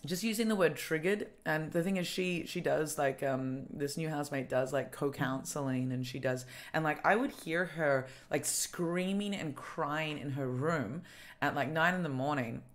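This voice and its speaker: Young female podcast host, low-pitched, halting and filler-heavy, casual chat. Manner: halting, lots of fillers and restarts. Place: apartment.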